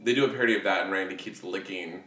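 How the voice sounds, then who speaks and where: Rambling male co-host, bright tone, a little distant from the mic. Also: low voice, racing. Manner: animated, rambling, filler-heavy, laughs often. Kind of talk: casual chat. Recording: echoey room, mic at a distance.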